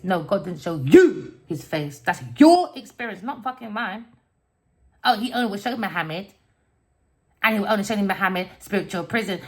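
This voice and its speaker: Gravelly woman on a heated spiritual rant. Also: lowish voice. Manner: heated, swearing, emphatic; slangy, tags lines with innit and boy. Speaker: tarot reader.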